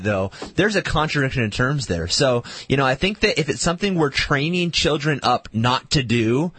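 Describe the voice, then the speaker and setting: A man's voice: mid-range voice, expressive, normal speed, hardly any pauses, fairly bright tone, breathy edge, no echo. A man in his thirties in a casual podcast chat who earnestly steers the talk with examples. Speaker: co-host.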